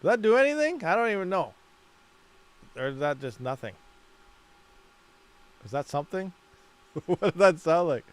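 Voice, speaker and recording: A man's voice: high-pitched, big pitch swings, moderate pace, pauses often, smooth. A man hosting a livestream, rambling casually, laughing a lot and muttering while he fiddles with settings. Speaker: mining livestream host.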